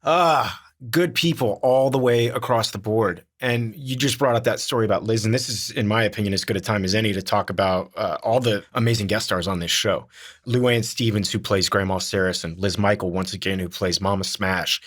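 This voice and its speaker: A man's voice: fairly low pitch, fairly quick, a bit bright. A man in his thirties co-hosting a casual rewatch podcast, talking enthusiastically and sentimentally about his castmates. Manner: sentimental, enthusiastic, with many fillers. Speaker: podcast co-host, actor from the show.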